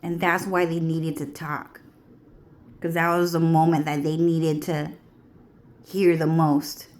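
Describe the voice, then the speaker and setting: A woman vlogger with a low voice rants at a crawling pace, swearing freely and looping back over her own phrases. Her delivery is rambling and repetitive, with drawn-out pauses. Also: little pitch movement, darkish tone. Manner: profane, repetitive, drawling. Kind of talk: rambling monologue.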